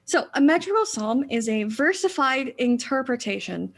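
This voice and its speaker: A woman's voice: high-pitched, big pitch swings, normal speed, gravelly. A woman, maybe in her thirties, giving an illustrated church lecture, explaining eagerly with frequent fillers and restarts.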